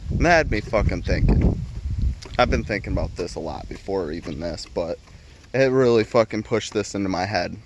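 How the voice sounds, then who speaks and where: A man with a lowish voice rants heatedly into his camera, packing nearly every sentence with swearing. He rambles and restarts his thoughts as he goes, with a faint hiss behind him. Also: lively intonation, moderate pace. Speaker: vlogger. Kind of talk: profane opinion rant.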